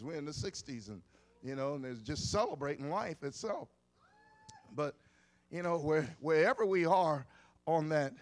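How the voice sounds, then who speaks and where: Coaxing preacher man, higher voice. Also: a little mellow. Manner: conversational preaching, coaxing the congregation. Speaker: pastor. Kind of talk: sermon.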